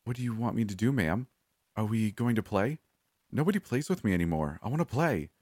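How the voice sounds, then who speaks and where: A man's voice: lowish voice, expressive, a little mellow, no echo, clean studio sound, voice pushed up. A man voicing a frail, broken young woman who speaks in a weak, trembling, childlike way. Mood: eager. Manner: weak, trembling, halting speech. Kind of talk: horror story reading.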